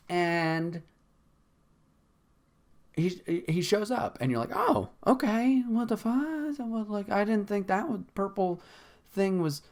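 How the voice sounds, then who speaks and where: Male podcast host; lively, swooping delivery; casual, profane, exasperated. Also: on the high side. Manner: laughs often.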